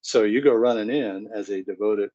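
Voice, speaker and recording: A man's voice: fairly low pitch, moderate pace, mellow, muffled recording. A middle-aged man, a psychologist, giving a conversational parenting seminar and acting out family scenes.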